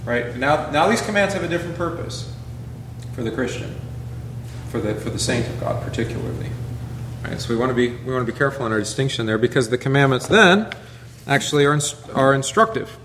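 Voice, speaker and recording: A man, a pastor, teaching a Bible class in a relaxed conversational way, peppering it with rhetorical questions and asides. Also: medium pitch, brisk, reverberant, background noise.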